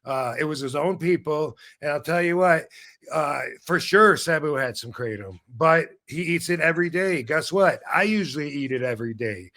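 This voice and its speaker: A man hosting a podcast, his voice sitting a little higher than most men's. He rambles in loose casual chat, swears freely and keeps restarting his sentences. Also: lively intonation, moderate pace, bright, forceful tone. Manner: rambling, profane, self-interrupting. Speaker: podcast host.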